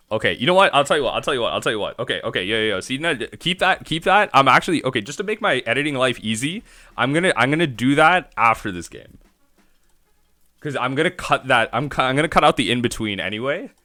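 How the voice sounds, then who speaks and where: A man's voice: medium pitch, bright, forceful tone, dry recording, studio quality. A man streaming a card game, thinking aloud in rambling self-talk as he plays. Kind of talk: live-stream gameplay commentary.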